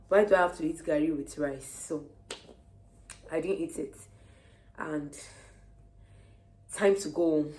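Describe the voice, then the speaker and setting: A young woman with a Nigerian accent, heavily pregnant, casually retelling her day to camera in an animated way. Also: low-pitched. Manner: lively, animated retelling of conversations. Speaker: vlogger.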